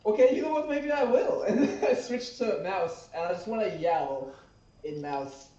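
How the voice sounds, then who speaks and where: A man's voice: sits high, moderate pace, mellow. A man playing a tabletop game, playful and laughing as he goes. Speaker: player. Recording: roomy, distant, dull recording.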